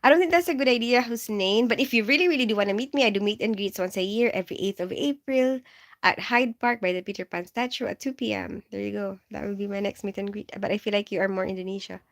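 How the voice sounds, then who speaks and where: A woman's voice: medium pitch, fast. A woman hosting a casual live stream, reading viewer comments aloud and chatting in a rambling way, laughing often. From Philippines. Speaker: livestream host and nurse.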